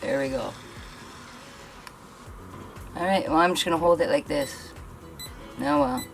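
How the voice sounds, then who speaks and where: A woman's voice: sits low, sing-song, a little slow, gravelly, soft background music. A young woman from Canada vlogging a hair tool demo, talking bluntly and venting her frustration. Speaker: beauty vlogger. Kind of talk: frustrated product demo vlog.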